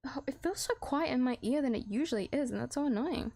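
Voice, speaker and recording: A woman's voice: high voice, expressive, fast, few pauses, warm tone. A young woman gamer chatting casually and giggling between lines she reads aloud from a visual novel. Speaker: let's play gamer reading a visual novel. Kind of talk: casual chat between voiced game lines.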